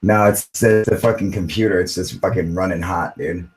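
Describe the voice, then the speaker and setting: Dude cursing every other word on a livestream, kinda low voice, laid back. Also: male voice, fairly even intonation, moderate pace, rough recording. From United States. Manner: profane, laid-back, says dude a lot. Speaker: livestream host. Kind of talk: casual livestream chat.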